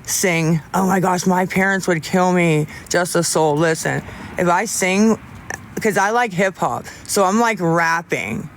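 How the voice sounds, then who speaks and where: Guy rambling to his chat on a live stream, kinda high voice, stops and restarts a lot. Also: fairly bright tone, a little hiss or hum. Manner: rambling and halting, lots of restarts, candid. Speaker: livestreamer talking to viewers. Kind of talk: casual livestream chat.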